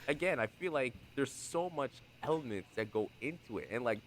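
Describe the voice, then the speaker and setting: A young man hosting a podcast in casual conversation, animated and acting out the voices he quotes. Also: medium pitch, moderate pace, a little hiss or hum, rough recording. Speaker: podcast host.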